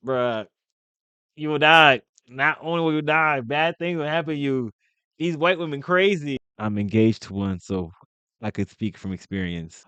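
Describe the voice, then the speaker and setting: A man's voice: mid-range voice, normal speed, bright, forceful tone, clean tone, dry recording, lo-fi sound. A man giving blunt, slangy commentary in a casual reaction video. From United States.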